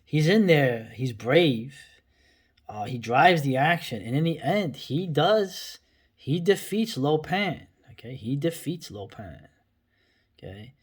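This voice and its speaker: A man from New York City chatting casually about a favorite film, rambling and enthusiastic, often trailing off into a soft mutter. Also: fairly high pitch, expressive, slow pace, breathy edge. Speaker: film vlogger. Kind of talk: casual movie talk.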